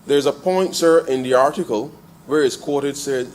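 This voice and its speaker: A man with a Barbadian accent giving a parliamentary debate speech in the chamber, calling the chair "sir" almost every phrase and repeating lines as he builds to forceful points. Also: medium pitch, normal speed, a little hiss or hum. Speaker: member of parliament.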